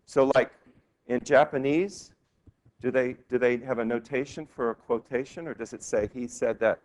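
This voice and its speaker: A male law professor giving a classroom lecture, lively and quizzing his students with questions. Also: medium pitch, normal speed. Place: law school lecture hall.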